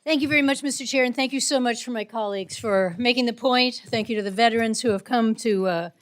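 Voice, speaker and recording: A woman's voice: a little high, fast talker. A woman committee member delivering an earnest closing statement with pointed appeals to colleagues. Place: committee hearing room.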